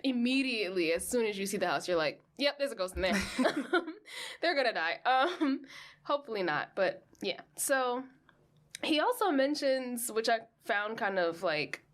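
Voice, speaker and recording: A woman's voice: a little high, unhurried. Young woman, podcast co-host, casual chat, salty language, frequent laughter. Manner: animated, swears freely, laughs often.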